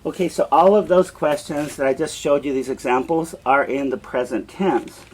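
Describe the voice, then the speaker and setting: A man teaching a beginner language lesson in a classroom, patiently repeating example phrases slowly. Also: fairly high pitch, breathy edge. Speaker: Spanish teacher.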